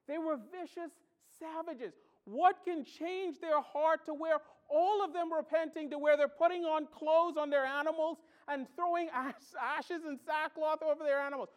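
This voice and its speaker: A male pastor delivers a sermon in a notably high voice. He preaches with animation, telling stories and acting out reactions, swinging from loud exclamations to quiet asides. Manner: tells stories and acts out reactions.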